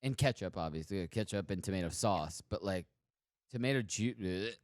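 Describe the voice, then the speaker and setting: A man's voice: sits low, normal speed, no echo, studio quality. A man hosting a pop culture talk show, jokey and leading each story in casual chat. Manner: jokey, leads the segments.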